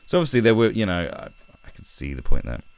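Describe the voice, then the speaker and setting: Sweary ranting man, gravelly and low. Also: very animated, quick pace, no echo. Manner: sweary, ranting, sarcastic mock voices. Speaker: commentary vlogger. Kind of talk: ranting commentary.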